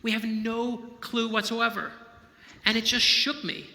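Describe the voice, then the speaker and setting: Bright high-voiced man, echoey hall. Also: level tone, a little slow, gravelly. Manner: conversational, emphatic, checks in with "right?". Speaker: novelist giving a talk. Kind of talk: inspirational storytelling talk. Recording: echoey hall with long reverb.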